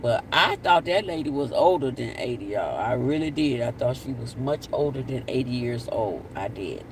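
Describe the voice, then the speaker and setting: A man's voice: mid-range voice, expressive, normal speed. A man hosting a casual live stream, reading viewer comments, repeating himself and sending blessings. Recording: distant mic with faint outdoor noise.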